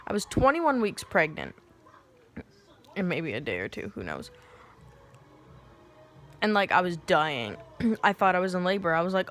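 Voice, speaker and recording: A young woman vlogging casually at home, telling a story with a sassy, profane, animated manner. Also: fairly low pitch, normal speed, long pauses. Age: young adult.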